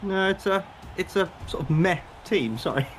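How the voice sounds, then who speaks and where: A man's voice: high-pitched, lively intonation, normal speed, slight background noise. Dry, teasing male co-commentator. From Britain. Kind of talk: casual match commentary.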